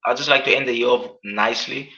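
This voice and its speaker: A man's voice: medium pitch, steady tone, fast talker, pushed and bright. A man being interviewed as an MMA fighter, talking earnestly and casually, repeating his words and often adding "man". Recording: dull, lo-fi sound.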